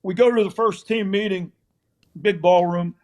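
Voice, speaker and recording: An older man with a high voice speaks at a normal speed. He's a former football coach appearing as a guest on the show, casually telling anecdotes and acting out the scenes as an animated storyteller.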